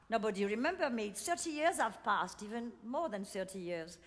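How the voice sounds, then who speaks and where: A woman's voice: a little high, slow pace. Theatrical older French woman with stage reverb. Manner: theatrical, animated, laughing between lines. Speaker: cabaret performer. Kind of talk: storytelling in a one-woman stage show.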